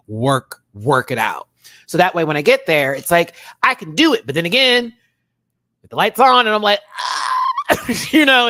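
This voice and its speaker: A man hosting a live-stream show review, talking in a sassy, animated way and laughing often. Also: fairly low pitch, dry recording. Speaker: drag show reviewer and channel host.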